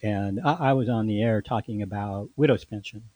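A man's voice: on the low side, moderate pace, a little mellow, no echo, low-quality recording. A man, a podcast host and lawyer, telling a story in a casual monologue with lots of restarts and fillers.

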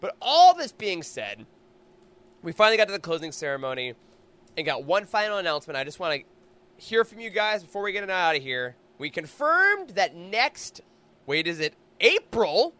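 A man's voice: high voice, sing-song, pushed and bright. A man co-hosting a podcast, recapping a fan convention in an enthusiastic, gushing casual chat. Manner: enthusiastic, gushing, quick asides. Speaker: podcast co-host.

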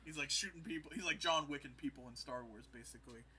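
A man's voice: fairly high pitch, fast, a crowd in the background, low-quality recording. A man co-hosting a podcast, casually recapping an episode in rambling stories and acting out quotes. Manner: rambling storytelling, acts out quotes. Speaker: podcast co-host.

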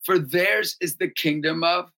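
A man who leads a youth ministry and coaches basketball, telling stories in an animated interview and often jumping into shouts and high-pitched voices. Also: measured pace.

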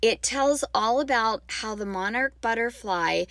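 A woman's voice: a little high, unhurried, a bit bright, no room sound. A woman hosting a podcast for music teachers, talking in a chatty, enthusiastic way and wandering off on side notes. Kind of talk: casual podcast talk.

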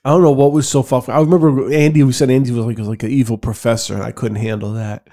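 Mellow-voiced young man telling a laughing story. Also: medium pitch, flat delivery, quick pace. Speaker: podcast co-host. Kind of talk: casual chat, storytelling.

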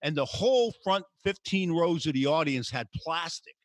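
A man hosts a podcast in a casual storytelling style. His voice sits a little high, and he gets animated, jumping into raised voices when he quotes people. The sound is close and dry. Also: moderate pace, no echo. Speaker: podcast host.

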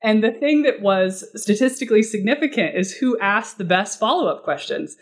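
A woman speaking as a guest expert in a podcast interview, casual and animated, often acting out short quoted exchanges. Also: medium pitch, moderate pace. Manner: animated, acts out client dialogue in quoted voices; casual, uses fillers like "like" and "you know".

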